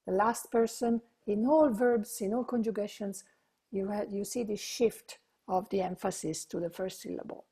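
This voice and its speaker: A woman's voice: medium pitch, steady tone, normal speed, dark tone, husky. A woman teaching an online language lesson, patiently explaining and drilling verb forms aloud. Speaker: Italian teacher.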